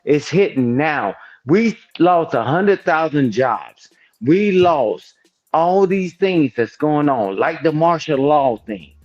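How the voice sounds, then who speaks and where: A man's voice: fairly high pitch, animated, slow pace, a little mellow, muffled recording. Emphatic older man on a livestream panel. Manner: emphatic, repeats "I'm telling you", preachy. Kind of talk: heated panel discussion.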